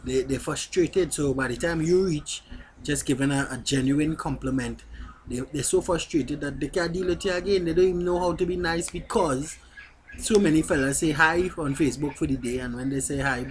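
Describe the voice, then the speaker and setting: A man's voice: a little high, moderate pace, slight background noise. A man vlogging in a blunt, candid way, speaking straight to his viewers. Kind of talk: casual talk to camera.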